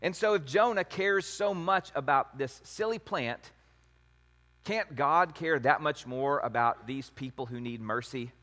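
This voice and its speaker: A man giving a conversational sermon on scripture, with an animated, lively delivery that jumps up in pitch when he acts out quotes. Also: measured pace, in a large hall. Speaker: preacher.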